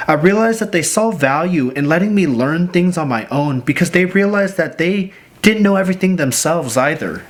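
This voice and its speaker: A man narrating his vlog in a reflective voice-over, calm, earnest and thoughtful. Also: a little high. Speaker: vlogger.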